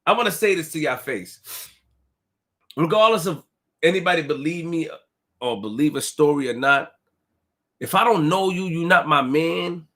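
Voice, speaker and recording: A young man talking casually to his stream audience, full of street slang and repetition, swinging from quiet, low remarks to loud outbursts. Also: animated, normal speed, long pauses. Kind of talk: casual live-stream rant.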